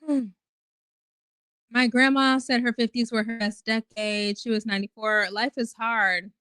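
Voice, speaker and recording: A woman's voice: on the high side, level tone, measured pace, sharp tone, clear, resonant tone, no room sound. A woman in her twenties hosting a casual livestream, chatting in a rambling way with lots of fillers and swearing. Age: 20s. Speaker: host.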